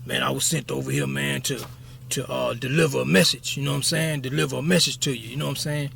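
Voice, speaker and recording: A man voicing a coaxing male prison inmate in his mid-thirties with a raspy voice, speaking lower and softer than his own voice. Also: steady tone, fast, slight background noise.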